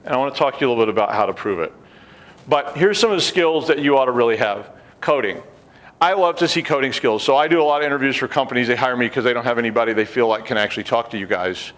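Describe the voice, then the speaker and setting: Middle-aged guy on a conference stage, lively up-and-down voice, acts out the people in his stories, wry little asides. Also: medium pitch, fast. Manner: animated storyteller acting out quoted people. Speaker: conference speaker. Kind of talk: conference talk.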